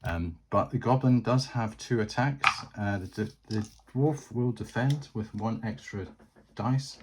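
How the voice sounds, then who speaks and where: A man's voice: fairly low pitch, measured pace, a little hiss or hum. A man narrating a solo board game, chatty and thinking aloud as he plays.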